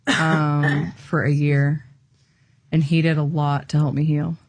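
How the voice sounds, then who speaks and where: Podcast co-host, woman, low pitch, dry close mic, candid storyteller. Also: little pitch movement, slow pace, dry recording. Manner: candid, laughs often while storytelling. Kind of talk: casual chat.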